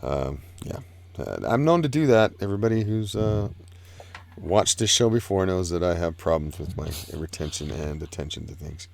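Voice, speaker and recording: A man hosting a casual live-stream art show, talking in a halting, rambling, laid-back way. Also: low-pitched, expressive, creaky. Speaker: host.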